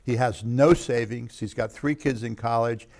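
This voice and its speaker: A man appearing as a guest on a talk show, telling a story in a halting way with frequent restarts. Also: mid-range voice, fairly even intonation, darkish tone. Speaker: guest, film producer. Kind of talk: casual talk-show chat.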